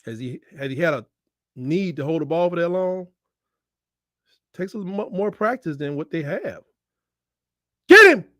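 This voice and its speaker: Man hosting a watch-along, high voice that jumps to yelling, dry close mic. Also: moderate pace, long pauses, dry recording. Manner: loud, shouting at big plays, casual Southern slang. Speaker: live watch-along host. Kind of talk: excited game-watch commentary.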